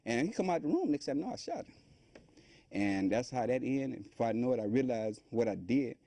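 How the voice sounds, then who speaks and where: A man's voice: medium pitch, brisk. A middle-aged man being interviewed about his life, telling it in a loose, rambling way and acting out the voices of the people in it. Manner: animated storytelling, acting out quoted voices; loose, rambling colloquial speech. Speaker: guest.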